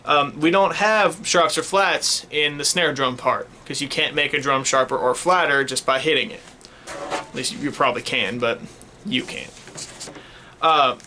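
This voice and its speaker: A man's voice: fairly high pitch, sharp tone, a little hiss or hum. A man teaching a snare drum sightreading lesson in a casual, patient way, often checking in with the student. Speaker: music teacher. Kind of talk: casual classroom instruction.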